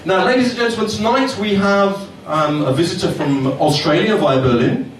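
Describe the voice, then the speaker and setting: A man's voice: high-pitched, moderate pace. A middle-aged man hosting a comedy club night, working the crowd in a cheeky, swearing stand-up manner. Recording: echoey club from far off, noisy.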